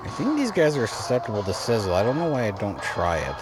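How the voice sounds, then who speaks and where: This man's lowish voice swoops wildly in pitch as he talks quickly over his game. It's casual let's-play chatter, rambling and repetitive, with frequent restarts. Game music can be heard under it.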